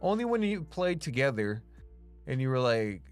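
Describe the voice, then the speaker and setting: While drawing live, a streamer with a medium-pitched, sing-song voice chats casually with viewers at a moderate pace, and the tone is clean. They laugh often, swear freely, and lean heavily on "like" as filler, with faint music behind them.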